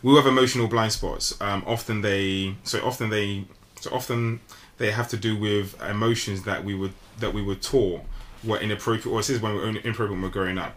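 A man's voice: fairly low pitch, fairly bright tone. A man chatting casually on a podcast about a book, rambling a little with restarts. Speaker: book club member.

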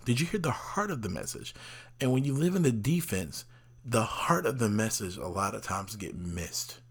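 A man's voice: fairly low pitch, sing-song, normal speed, husky. A man hosting a casual motivational talk, rambling conversationally and acting out little quoted exchanges. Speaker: host.

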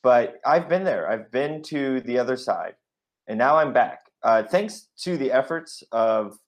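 A man co-hosting a comedic podcast in a deadpan, mock-solemn way. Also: mid-range voice, measured pace. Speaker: podcast co-host.

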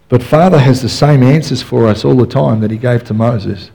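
A man in a middle register delivers a relaxed, conversational sermon. He tells the story with easy humour and many "you know" fillers. It sounds like a friend chatting rather than a formal preacher. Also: mid-range voice, moderate pace, vocal fry, breathy edge, low-quality recording.

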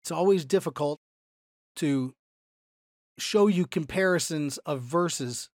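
A man teaching a Bible lesson, explaining verses slowly and deliberately and lifting his voice for emphasis. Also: fairly high pitch, no room sound, clean studio sound. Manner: explanatory, slow and deliberate, voice lifts when emphasizing.

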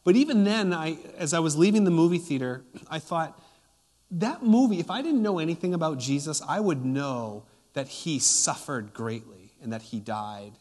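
A man giving a sermon as pastor, earnest and measured, pausing with fillers. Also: fairly high pitch, animated, darkish tone. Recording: long hall reverb.

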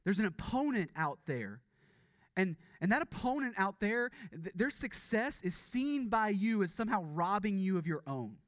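Pastor guy preaching, kinda high voice, chatty, repeats himself a lot, dry close sound. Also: sing-song, normal speed, a bit bright, no room sound. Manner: conversational, repeats words, asks rhetorical questions. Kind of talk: sermon.

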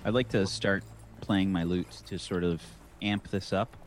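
A man playing in a tabletop game, chatting in a lively, joking way. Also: low-pitched, measured pace, heavy background noise. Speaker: player. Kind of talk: casual chat at a game table.

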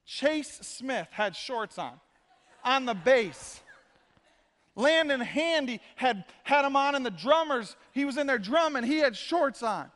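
A pastor with a strikingly high voice preaches in a casual, joking manner. He keeps slipping in quick quoted asides. His words ring out with a long hall echo. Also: animated, fairly bright tone. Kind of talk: casual sermon. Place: church sanctuary.

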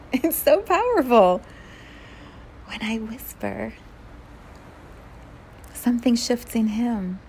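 Soft-spoken woman with a gravelly edge. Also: medium pitch, slight background noise. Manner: soft, unhurried, laughs often; drops to a whisper at times. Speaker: spiritual teacher. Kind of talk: spiritual talk to listeners.

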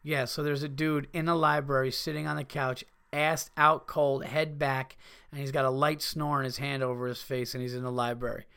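A man hosting a casual solo podcast, ranting in a profane, animated way. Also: medium pitch, moderate pace, clean tone. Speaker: podcast host.

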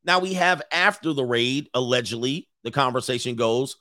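A man giving casual, blunt reaction commentary, reading online messages aloud slowly and then weighing in on them. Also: medium pitch, bright, forceful tone, no echo, clean studio sound.

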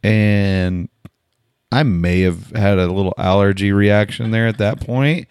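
Guy, lowish voice, laid-back chat, dry recording. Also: unhurried, clear, resonant tone, no room sound. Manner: relaxed, adds his side to his partner's story. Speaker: co-host telling their wedding story. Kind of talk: casual chat.

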